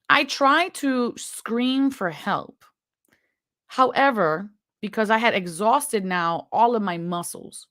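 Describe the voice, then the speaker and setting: A woman's voice: mid-range voice, pushed and bright, no room sound. Woman retelling a near-drowning, dry close sound. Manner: earnest, halting, emotional retelling. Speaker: storyteller. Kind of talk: personal story told to viewers.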